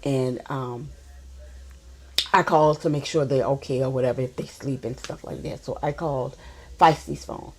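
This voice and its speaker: A woman's voice: very deep voice, moderate pace, breathy edge. A young woman from New Orleans with a local accent, chatting casually as she tells a story to her vlog viewers. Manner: chatty, relaxed, repeats phrases while telling a story. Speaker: vlogger.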